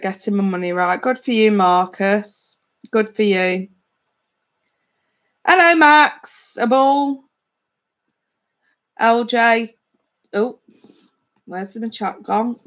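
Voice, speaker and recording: A psychic reader in her thirties hosts a casual livestream, chatting warmly with viewers, reading their comments aloud and calling them darling. Her voice is mid-range.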